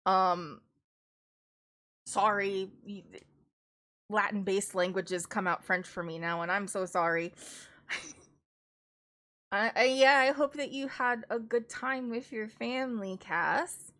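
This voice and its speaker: A woman's voice: medium pitch, slow pace, long pauses, a bit bright. A woman casually reviewing books on a live stream, chatty and rambling, with frequent laughs and restarts. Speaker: book streamer.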